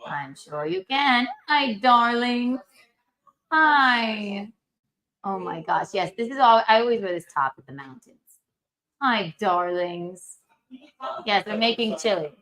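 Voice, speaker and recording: A woman's voice: mid-range voice, lively intonation, takes it slowly, long pauses, fairly bright tone, poor audio. A woman hosting a casual livestream while she cooks, chatty and brash, gossiping and swearing freely. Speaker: livestream host.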